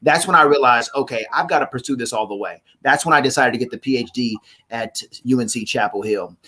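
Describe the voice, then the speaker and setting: A man, a guest on a live talk show, telling stories about acting and family with big swings in pitch. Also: a little fast, husky. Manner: animated, preacherly storytelling with wide swings in pitch. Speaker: guest, actor and playwright.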